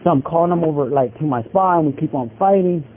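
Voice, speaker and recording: A man recounts a story over a tinny prison phone line, with a faint hiss under his voice. His voice sits a bit high for a man. He rambles in loose street slang, packing his sentences with "like" and "bro.". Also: quick pace. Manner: rambling, filler-heavy street slang, many likes and bros. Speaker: incarcerated interviewee telling a story. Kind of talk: casual storytelling. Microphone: phone call.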